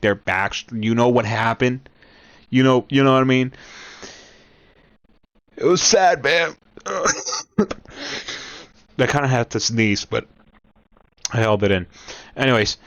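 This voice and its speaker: A man's voice: mid-range voice, fairly bright tone, clear, resonant tone, no echo. A young man casually recapping a movie plot, rambling with many restarts and asides to the viewer. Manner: rambling, lots of restarts and "you know what I mean". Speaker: movie reviewer.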